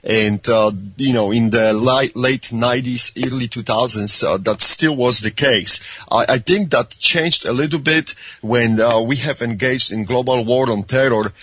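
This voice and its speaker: Man, Polish accent, husky, halting, frequent fillers, radio guest. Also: mid-range voice, a bit bright, no echo. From Poland. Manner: halting, many filler pauses, friendly. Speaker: guest, gun channel creator and serviceman. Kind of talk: phone-in radio interview.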